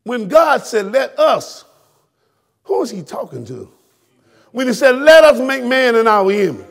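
A man preaching a fiery sermon in a church, shouting and calling out to his congregation. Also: very high-pitched, very animated, measured pace, gravelly, long pauses, some chatter behind. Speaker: pastor. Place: church sanctuary.

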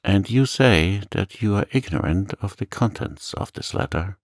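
A man voicing a stern, proud magistrate in a calm audiobook reading, curt and commanding. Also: deep voice, normal speed, no room sound, clean studio sound. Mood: stern, uneasy.

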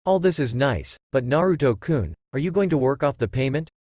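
A man's voice: mid-range voice, expressive, a little fast, darkish tone, no echo, highs cut off, lightly acted. A man doing a weary, exasperated ramen server. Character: tired, irritated young woman serving ramen.

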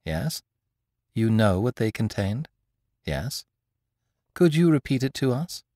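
A man voicing an eager, excitable young amateur sleuth who presses with urgent questions in an audiobook. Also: medium pitch, slow pace, no echo, clean studio sound. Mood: questioning.

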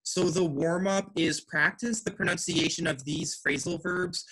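A man teaching an online English class, speaking slowly and deliberately. His voice is bright and forceful. He is patient and encouraging and explains step by step over a video call. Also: on the high side, fairly even intonation, husky. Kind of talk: online language lesson.

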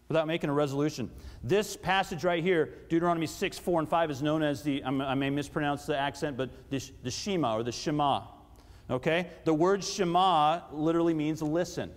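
A man, a pastor, preaching a sermon and putting questions to his congregation, his voice rising for emphasis. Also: fairly high pitch. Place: church sanctuary. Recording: long church hall reverb.

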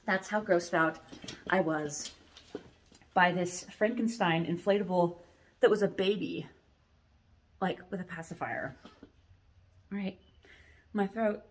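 A young adult woman hosting a casual product vlog, rambling and animated as she chats about corsets. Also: on the low side, slow pace, pauses often. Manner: rambling, animated, laughs and coughs often. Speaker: corset shop host.

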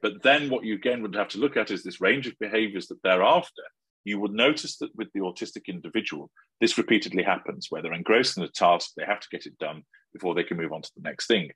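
A man being interviewed, explaining things in a measured, analytical way. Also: sits low, a bit bright, breathy edge, no room sound, poor audio. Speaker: interview guest. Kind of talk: conversational interview.

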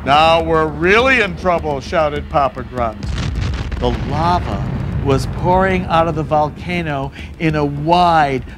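A man reading his own picture book aloud, animated and expressive. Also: a little high, noisy background. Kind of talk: storybook read-aloud.

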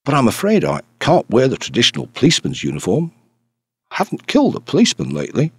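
A man's voice: medium pitch, wildly swooping pitch, fast, breathy edge, dry recording, pitched above the performer's own voice. Man playing a wry socialist journalist. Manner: dry, joking. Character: witty young male socialist journalist.

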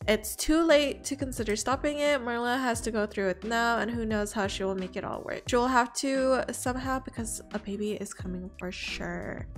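A woman hosting a let's play, chatting along and gasping at exciting moments. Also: fairly high pitch. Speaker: gaming channel host. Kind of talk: let's play commentary with face cam.

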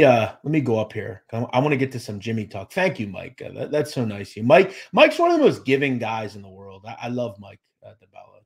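This livestream host has a husky, mid-range voice with a darkish tone. He chats easily with his audience, reading their comments and naming the people he thanks, and his speech is full of fillers and false starts.

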